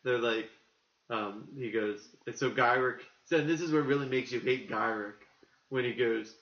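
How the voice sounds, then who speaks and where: A man co-hosting a casual podcast, talking in an animated, rambling way and acting out the quotes he tells. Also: medium pitch, normal speed. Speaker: podcast co-host. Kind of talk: casual chat. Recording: muffled, echoey room.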